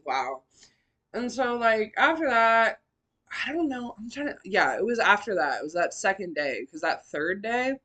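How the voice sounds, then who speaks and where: A young woman talks straight to her listeners, blunt and full of swearing. Her voice is bright and forward, and it swings from low, quiet stretches up to loud, high bursts. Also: measured pace. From California. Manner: blunt, profane, animated with big swings in pitch and loudness. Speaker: podcast host. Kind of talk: candid personal storytelling.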